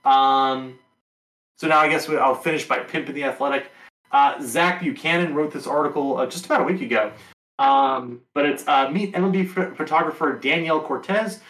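A man's voice: on the high side, normal speed. Rambling man in a roomy space. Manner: relaxed and rambling, with many ums. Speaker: podcast host. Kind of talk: casual sports talk.

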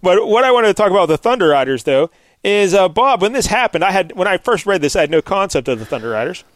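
A man's voice: sits high, big pitch swings, quick pace, no room sound. A man hosting a casual chat, joking and quizzing his co-hosts while recapping a comic. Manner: chatty, joking, asks co-hosts questions. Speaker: podcast host.

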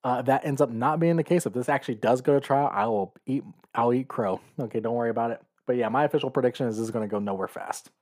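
A man's voice: medium pitch, fast, few pauses, darkish tone. A man hosting a podcast, giving blunt, sarcastic opinions in a casual monologue. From California. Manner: blunt, sarcastic, laughs while reading. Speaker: podcast host.

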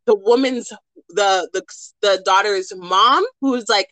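A woman co-hosting a podcast, telling a story in casual chat, animated and profane, acting out the people she quotes. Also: mid-range voice, unhurried, dry recording, poor audio. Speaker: podcast co-host.

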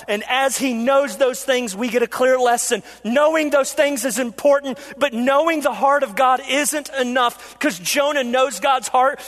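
A man preaching a sermon as pastor, animated and acting out quotes with big jumps in his voice. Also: very high-pitched. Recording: long hall reverb.

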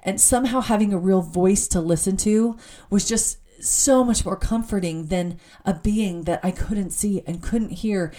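A woman's voice: mid-range voice, a little slow, warm tone. Earnest woman sharing a faith talk. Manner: earnest, heartfelt, self-correcting.

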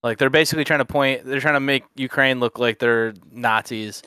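A man hosting a casual stream chat, relaxed and explanatory. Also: medium pitch, a little fast, clear, resonant tone, dry recording. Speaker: host.

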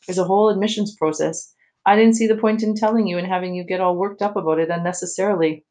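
A woman voicing a gentle, caring mother who patiently coaxes her son in a storybook reading. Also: lowish voice, steady tone, fast talker, close to an everyday voice, low-quality recording. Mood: apologetic. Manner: patient, coaxing.

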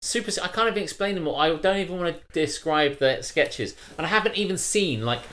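Male co-host, animated and opinionated, swooping voice, casual stream banter. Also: fairly high pitch, fast talker. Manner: animated, opinionated, restarts sentences often. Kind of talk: casual live-stream chat.

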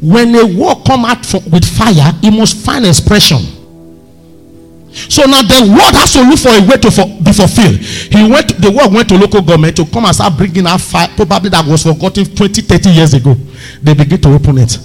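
A man preaching a sermon, telling stories with lively swings and sudden shouts. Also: high voice, fairly quick, soft background music. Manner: animated, storytelling, bursts into shouts. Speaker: pastor.

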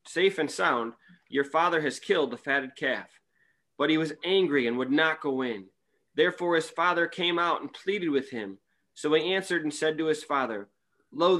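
A man reading scripture aloud in a steady, plain way. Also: a little high. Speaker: scripture reader.

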